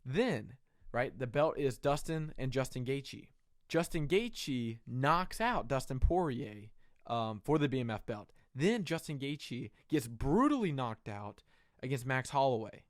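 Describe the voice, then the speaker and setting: Excited young man breaking down a fight. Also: mid-range voice, unhurried, no echo, clean studio sound. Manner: excited, rambling, with many fillers and profanity. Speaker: MMA reaction host. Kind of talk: casual fight breakdown commentary.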